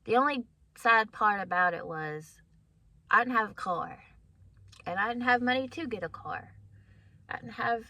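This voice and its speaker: A woman's voice: on the high side, pushed and bright, no room sound. A woman in her thirties casually telling a personal story to her viewers, candid and chatty, often laughing and calling them guys. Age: 30s. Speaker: vlogger.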